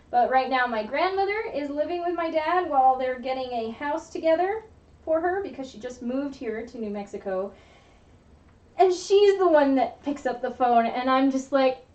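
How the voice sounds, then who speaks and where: A woman hosting a sewing livestream, chatting casually and excitably while she works and laughing often. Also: sits high, a little slow, lo-fi sound, soft background music.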